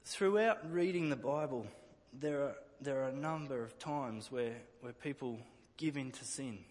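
A man's voice: medium pitch, a little slow, big-room sound. A man preaching a sermon earnestly, often repeating words as he restarts a phrase. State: emotional at times.

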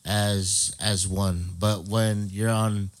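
A man's voice: fairly low pitch, level tone, very slow, a little hiss or hum. A man co-hosting a casual interview, talking in a laid-back, slangy way. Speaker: co-host.

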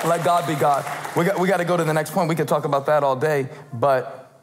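A man's voice: medium pitch, steady tone, a little fast, hardly any pauses, big-room sound, crowd noise, noisy background. A man preaching conversationally, playful and eager, prompting his co-speaker. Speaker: pastor. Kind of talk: conversational sermon.

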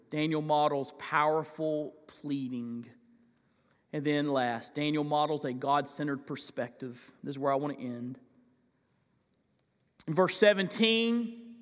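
A man preaching a sermon as pastor, impassioned, swinging from loud pleading to hushed asides. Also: on the high side, measured pace, pauses often, big-room sound. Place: large church sanctuary.

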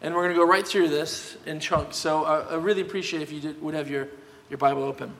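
A man preaching a sermon as pastor, talking conversationally and emphatically, often checking in with a quick "yeah?". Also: on the high side, fairly even intonation, vocal fry, fairly bright tone. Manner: conversational, emphatic, tag questions. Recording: long hall reverb.

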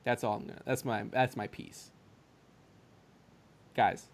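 A man co-hosting a podcast in casual chat, animated and laughing, slipping into impressions. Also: mid-range voice, measured pace. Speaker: podcast co-host.

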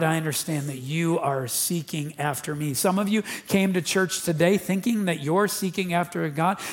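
A high-voiced man delivers a Sunday sermon from the pulpit. He is emphatic and repeats his key phrases to make sure the room hears them. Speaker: pastor. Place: church.

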